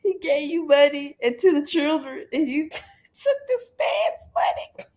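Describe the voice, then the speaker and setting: Female host, casual commentary, slightly high, laughs a lot. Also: unhurried. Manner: laughs often, animated and joking.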